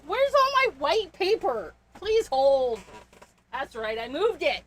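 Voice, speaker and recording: A woman whose voice sits high and sing-song, with a fairly bright tone, talks unhurriedly on a casual card-making livestream. She chats with viewers while sorting through paper and supplies, often letting out gasps and little laughs. A little hiss or hum is audible.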